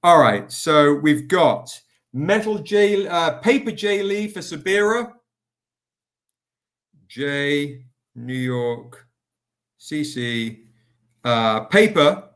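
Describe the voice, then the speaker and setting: A man's voice: a little high, expressive, extremely slow, pauses often, fairly bright tone. A man hosting a casual live stream, chatty and upbeat, greeting viewers by name while selling comic editions. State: recovering, tired.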